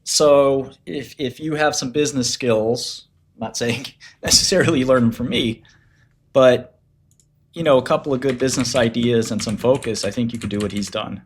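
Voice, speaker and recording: A man's voice: mid-range voice, steady tone, normal speed. A man chatting casually on a livestream, blunt and profane, laughing often and acting out what other people said. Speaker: streamer talking about business.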